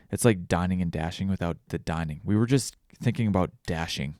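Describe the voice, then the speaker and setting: A man's voice: low-pitched, brisk, darkish tone, no echo, clean studio sound. A man hosting a casual solo podcast, rambling and self-deprecating with crude jokes. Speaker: podcast host.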